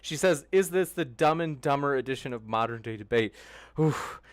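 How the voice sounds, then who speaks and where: A man's voice: mid-range voice, expressive, normal speed, a little hiss or hum. A man moderating an online debate and reading out viewer questions in a polite, hesitant way. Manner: polite, hesitant, with filler words.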